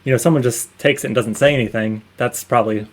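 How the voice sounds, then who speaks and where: Man, brisk talker, thinking out loud, casual. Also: medium pitch, steady tone. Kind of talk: casual conversation.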